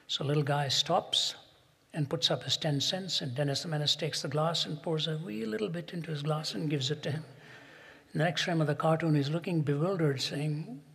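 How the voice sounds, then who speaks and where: Husky man speaking in a reverberant hall. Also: on the high side, bright, forceful tone. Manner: rhetorical, storytelling, slows and presses for emphasis. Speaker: Christian speaker. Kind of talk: public talk to an audience.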